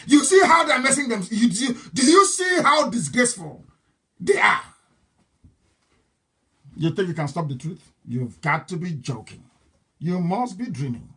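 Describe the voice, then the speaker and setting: A man's voice: high-pitched, pushed and bright, breathy edge. A man giving a live online broadcast as a political speaker, combative, defiant and emphatic.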